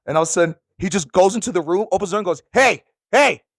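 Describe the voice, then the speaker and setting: High, fast-talking storyteller guy. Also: dry recording, clean studio sound. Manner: animated, swearing, laughing anecdotes. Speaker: band member. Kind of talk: casual storytelling.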